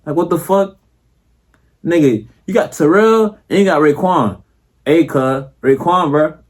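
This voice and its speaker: A man's voice: fairly high pitch, a little slow. A young man, talking in a casual, profane monologue and acting out the other people in his stories. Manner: slangy, profane, animated, acts out quoted voices. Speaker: vlogger.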